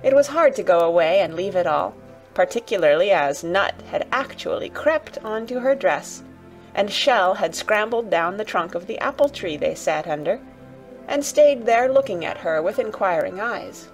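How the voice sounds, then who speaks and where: A woman narrating a children's audiobook in a gentle, even storytelling manner. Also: medium pitch, normal speed, faint music behind.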